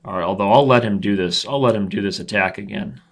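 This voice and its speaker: A man's voice: on the low side, fast, creaky. A man in his thirties hosting a live chess stream, commentating his own games with playful trash talk and asides to viewers.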